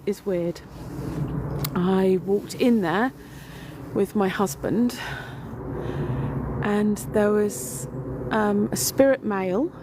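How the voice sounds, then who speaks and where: A woman's voice: medium pitch, very slow, pauses often. Woman, casual walking vlog, chatty, rambling, outdoor, faint background noise. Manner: chatty, rambling storytelling with fillers. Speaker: paranormal vlogger. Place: outdoors in a graveyard.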